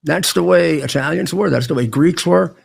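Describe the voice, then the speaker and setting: Older man, gravelly, slightly raised pitch, halting delivery, lots of restarts. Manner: halting, with many restarts and stammered words. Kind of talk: casual spoken monologue.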